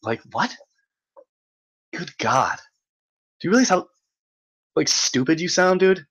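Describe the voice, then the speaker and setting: A man's voice: a little high, sing-song, takes it slowly, fairly bright tone, slightly rough, poor audio. A young man hosting a livestream, reading the chat aloud and ranting at commenters with a mocking, exasperated manner, laughing often and swearing.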